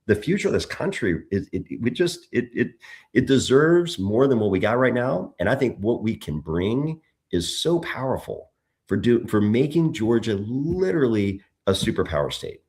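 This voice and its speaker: A middle-aged man speaks as a candidate in a conversational interview, and his pitch swings widely as he talks. He tells stories at length and often stops to restart a phrase or repeat a word. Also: moderate pace. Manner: animated storytelling, frequent restarts. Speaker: political candidate as guest.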